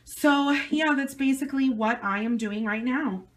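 A hoarse, short-of-breath woman with an Upper Midwest American accent, chatting casually in a home vlog with lots of fillers. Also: high-pitched, normal speed. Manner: rambling, chatty, many fillers. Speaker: vlogger. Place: at home indoors.

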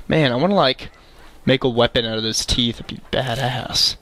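A man giving chatty, excitable let's play commentary, talking to the game's creatures. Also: mid-range voice, moderate pace. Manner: excitable, chatty, talks to game animals. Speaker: game streamer.

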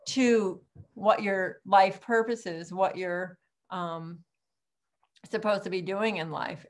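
A middle-aged woman teaching an online cooking class in a chatty, rambling way, with frequent ums and laughs. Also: medium pitch.

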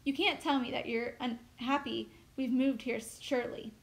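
A woman's voice: sits high, fairly even intonation, normal speed. A woman voicing a bored, sulky nine-year-old boy who complains indignantly, read aloud from a novel.

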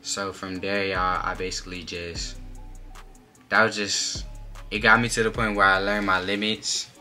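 A young man telling a personal story in a casual storytime vlog, animated and slangy, filling his speech with "like". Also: low voice, unhurried, soft background music. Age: young adult. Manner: animated, slangy, many filler "like"s. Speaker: vlogger.

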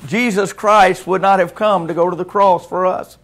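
A man's voice: high-pitched, normal speed, few pauses. A man preaching a sermon in a church, in a conversational way that keeps asking the congregation questions. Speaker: pastor. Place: church sanctuary.

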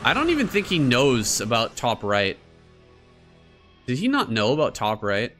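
A man giving casual commentary over his own strategy game match, excitable and crude, swearing and mocking his opponent with frequent laughter. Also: mid-range voice, moderate pace, faint music behind. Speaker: gaming streamer.

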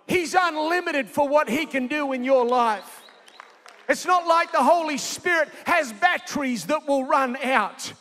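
A man preaching a sermon live in a large convention centre, energetic and jokey, calling out to the crowd. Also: very high-pitched. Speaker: pastor. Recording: echoey convention hall.

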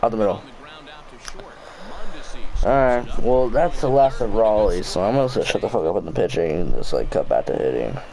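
A man's voice: on the low side, animated, moderate pace, pauses often, dark tone, rough recording. A young man commentating his own baseball gameplay, frustrated and swearing, muttering at himself. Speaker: gaming YouTuber.

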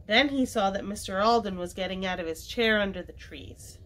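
A woman reading a children's chapter book aloud for a library storytime, with expressive, varied delivery. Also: medium pitch, fairly quick.

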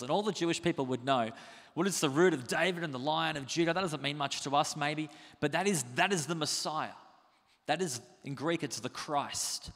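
A man preaching a sermon as pastor, animated and conversational, asking the congregation rhetorical questions. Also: a little high, a little fast, in a large hall.

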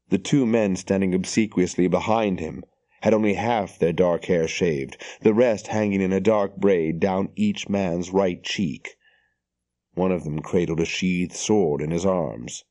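A male audiobook narrator with a deep, dark and mellow voice. He tells the story in a measured, steady way, recorded close and dry with no room sound. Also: dry recording.

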